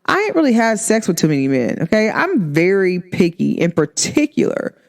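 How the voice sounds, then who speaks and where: A woman's voice: medium pitch, big pitch swings, moderate pace. A woman talking candidly to her viewers in a casual vlog chat, emphatic and full of slang. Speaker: vlogger.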